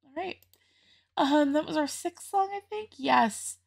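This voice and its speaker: Chatty young woman with a gravelly edge. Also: high-pitched, animated, a little slow. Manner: chatty, emotional, laughs often. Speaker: reaction video host. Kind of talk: casual reaction commentary.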